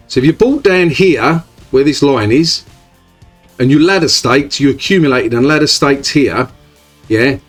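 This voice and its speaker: A man talks through his screen in a loose, chatty vlog style, full of "um"s and tag questions. Faint music plays softly underneath his voice. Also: fairly high pitch. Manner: rambling, many fillers and tag questions. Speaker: crypto YouTuber. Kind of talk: casual screen-share commentary.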